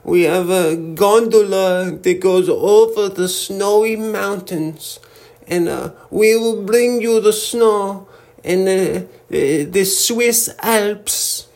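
Man doing a prim Swiss gentleman, pompous, formal, high-pitched, slow and deliberate.

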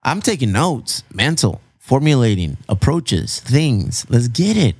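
Lively, playful man in a dry studio. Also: medium pitch, unhurried, breathy edge, no room sound. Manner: animated, playful, slips into Spanish. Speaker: podcast host. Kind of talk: casual podcast chat.

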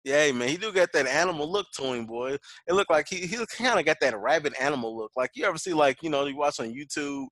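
A man's voice: fairly high pitch, quick pace, few pauses, a bit bright, no room sound. A man in his forties co-hosting a podcast, telling joking stories in casual slangy sports chat. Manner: laid-back, joking, slangy storyteller. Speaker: podcast co-host.

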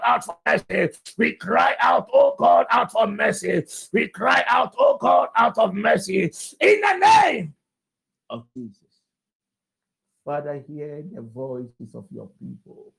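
High, gravelly-voiced man preaching. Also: fairly bright tone, low-quality recording. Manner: earnest, exhorting congregation. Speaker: pastor. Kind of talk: evening service sermon and leading prayer.

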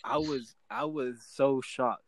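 A man's voice: medium pitch, takes it slowly, no echo, low-quality recording. A young man co-hosting a casual podcast, telling a long story with lots of swearing and restarts. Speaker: podcast co-host. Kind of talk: casual chat.

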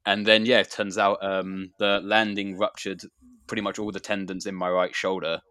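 Man, low pitch, rambling, filler-heavy, dry recording. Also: flat delivery, moderate pace, pushed and bright, smooth, dry recording. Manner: rambling, with many fillers and restarts. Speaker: wrestler. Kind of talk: casual storytelling chat.

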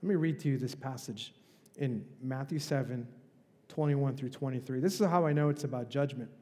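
A man's voice: medium pitch, moderate pace, mellow, in a large hall. A male pastor preaching a sermon in a conversational, emphatic way, with rhetorical questions. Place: church.

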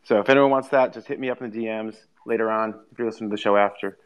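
A man's voice: fairly low pitch, fairly even intonation, racing, clear, resonant tone, highs cut off. A man hosting a podcast, talking in a loose, rambling way with plenty of fillers. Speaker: podcast host. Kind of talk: casual chat.

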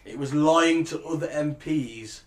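A man's voice: a little high, unhurried. A man co-hosting a podcast, talking indignantly and often finishing the others' sentences. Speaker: podcast co-host. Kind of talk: casual chat. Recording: roomy echo.

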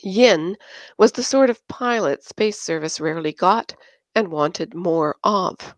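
Slow, low-voiced woman narrating an audiobook. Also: no echo.

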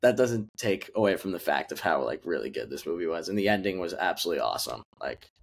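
Fast and expressive, a young man with a low, vocal-fry voice co-hosts a podcast and riffs casually on movies. He rambles, restarts often, and fills gaps with plenty of fillers.

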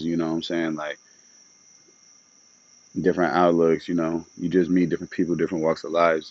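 A man's voice: extremely low pitch, a little mellow, lo-fi sound. A young man hosting a solo podcast, rambling casually with loads of slang and swearing. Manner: loose, rambling and upbeat, with lots of slang and swearing.

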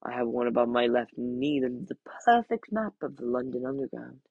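Storybook read-aloud: man playing an old calm wizard headmaster, firm and gravelly, dry sound. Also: mid-range voice, a little fast, dry recording, muffled recording.

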